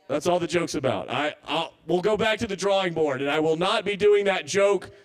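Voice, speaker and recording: A man's voice: high-pitched, brisk. A man doing a stand-up set at a live open mic, rambling and self-doubting, stammering through restarts.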